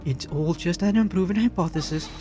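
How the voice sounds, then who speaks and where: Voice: mid-range voice, brisk, warm tone, soft background music, pitched above the performer's own voice, close to an everyday voice. Player doing a snooty prosecutor, formal and dismissive. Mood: scornful. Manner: contemptuous, formal. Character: haughty, scornful prosecutor. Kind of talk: reading a fan visual novel aloud.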